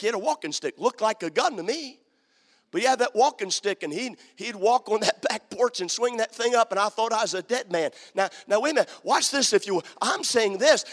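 A man preaching a sermon, telling a story that builds into fervent shouting. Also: very high-pitched, long reverb tail.

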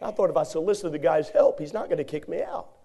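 Brief: male preacher with a high voice, folksy and animated as he tells a story from the pulpit. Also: fast. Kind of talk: sermon with a personal story.

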